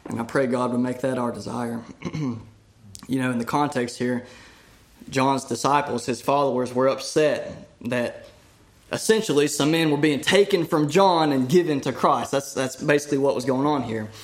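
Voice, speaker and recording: A middle-aged man preaching a sermon, earnest and emphatic, rising to loud declarations and dropping to hushed asides. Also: medium pitch, normal speed.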